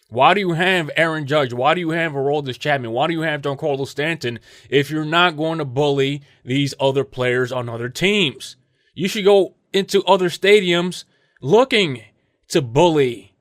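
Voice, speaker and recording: A man hosting a casual sports talk show, animated and mocking, breaking into laughter often. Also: a little high, no echo, studio quality. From United States. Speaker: podcast host.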